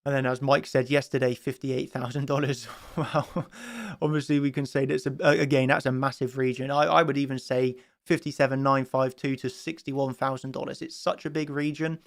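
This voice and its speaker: A man's voice: medium pitch, little pitch movement, moderate pace, creaky. A man giving a rambling chart analysis of a crypto market, full of fillers and restarts. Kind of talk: casual chart analysis monologue.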